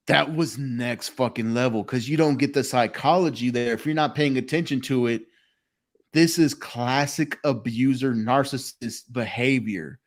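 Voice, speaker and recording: A man's voice: medium pitch, a little slow. A man hosting a casual podcast chat, swearing freely and telling stories with lots of laughter. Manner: profane, storytelling, laughing often. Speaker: podcast host. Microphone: phone call.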